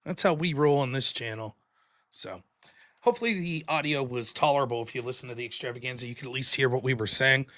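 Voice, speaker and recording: A man's voice: medium pitch, fast, bright, forceful tone. A man hosting his own live stream, chatting casually in a rambling, self-deprecating way. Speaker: show host.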